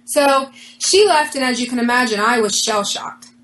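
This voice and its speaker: A woman with a fairly high voice tells an interviewer a personal story in an earnest, animated way. She often acts out what people said to her. A faint hum runs behind her voice. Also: moderate pace, poor audio. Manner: earnest, animated retelling with quoted dialogue. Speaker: interview guest.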